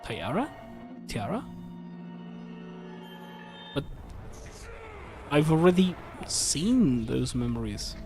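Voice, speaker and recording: A man streaming a game, telling a story in a casual, animated rant with swearing and frequent restarts. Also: mid-range voice, measured pace, long pauses. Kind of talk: casual chat while gaming. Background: faint game music.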